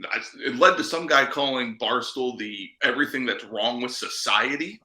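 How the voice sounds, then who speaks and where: Man, wry podcast co-host, laughs often, sharp bright voice, roomy echoey recording. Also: medium pitch, moderate pace. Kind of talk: casual chat.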